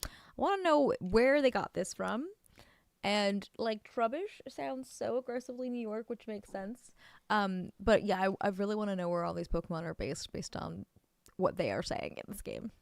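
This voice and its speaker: During a casual let's-play, a woman streamer coos over cute things and keeps slipping into a soft near-whisper. She sounds animated, medium-pitched, and moderately paced, with vocal fry, and the audio has no echo.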